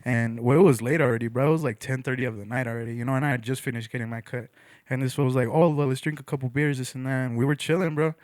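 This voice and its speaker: A man's voice: mid-range voice, racing, a little mellow, no echo, studio quality. A young man, a podcast guest, telling a rambling story in casual slang, with "bro" and "you know" in nearly every line.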